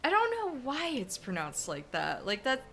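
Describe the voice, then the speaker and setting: Bright woman streamer. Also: high voice, wildly swooping pitch, normal speed, soft background music. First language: French. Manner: chatty, giggly, rambling asides. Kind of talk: casual gaming stream commentary.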